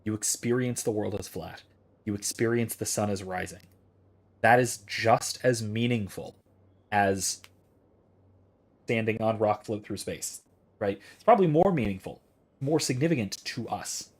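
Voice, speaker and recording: A man's voice: lowish voice, measured pace, husky. A man in his thirties, a streamer talking through philosophy in a casual, rambling way as he thinks aloud and answers chat.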